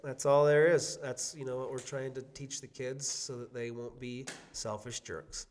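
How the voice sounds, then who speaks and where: A man's voice: medium pitch, normal speed. A young man, father and podcast co-host, chatting casually and playfully about family life. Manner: animated, playful, often talks to his toddler in a sing-song baby voice.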